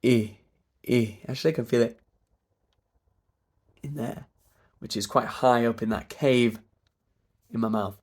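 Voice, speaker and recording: A man with a British RP accent and a stuffy nose, coaching pronunciation by stretching vowel sounds very slowly. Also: medium pitch. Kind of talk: slow demonstration of vowel sounds.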